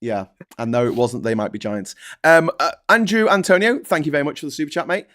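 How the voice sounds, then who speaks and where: A man's voice: a little high, animated, fast, fairly bright tone. A man hosting a casual live-stream chat, joking and reading out viewer comments. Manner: jokey, reads viewer comments aloud. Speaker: host.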